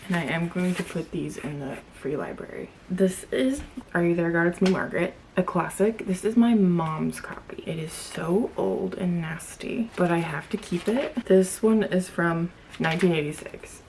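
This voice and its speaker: A young woman talks casually to her camera, blunt and opinionated and quick to laugh. Her voice sits a little low and has a gravelly fry to it. A faint noise runs under the recording. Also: darkish tone. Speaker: vlogger.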